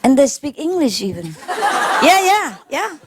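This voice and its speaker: A woman spiritual teacher speaking informally to her followers, laughing often and repeating warm phrases. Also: high voice, sing-song, unhurried, noisy background. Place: gathering with a live audience.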